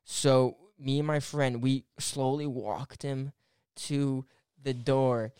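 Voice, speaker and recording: A man's voice: medium pitch, slow, smooth, no room sound, clean studio sound. A young man casually telling a rambling story full of fillers and restarts, swearing freely. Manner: animated, swears and laughs through the story.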